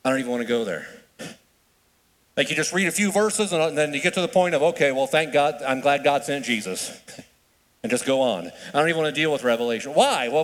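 A fairly high-voiced man preaching in a lively, conversational way, his pitch swinging widely as he fires off rhetorical questions. He often stumbles and restarts mid-sentence. His voice carries a long reverb, as if from a large hall. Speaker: pastor. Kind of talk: sermon.

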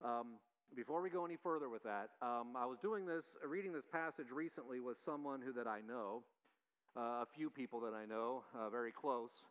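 A man's voice: medium pitch, normal speed, clean tone. A man leading an informal Bible study, talking through the passage in a conversational way with frequent restarts. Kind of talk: informal Bible teaching with slides.

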